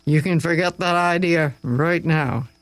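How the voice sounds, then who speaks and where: A man's voice: fairly high pitch, measured pace, no echo, natural voice. A man voicing a wicked, menacing male slave master who growls, snarls and bellows his orders. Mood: sneering.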